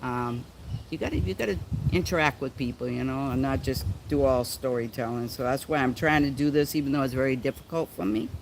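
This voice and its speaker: A man from the United States hosting a casual livestream chat, reading viewer comments slowly and halting often, with a playful, theatrical, diva-like manner. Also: mid-range voice, gravelly, slight background noise. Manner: slow and halting when reading comments, many ums. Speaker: livestream host.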